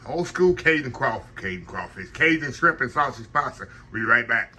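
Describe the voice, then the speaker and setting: This older man's voice is fairly low and sharp in tone, at a normal speed. Hosting his home cooking channel, he talks to viewers as y'all in a relaxed, folksy way while cooking in his kitchen.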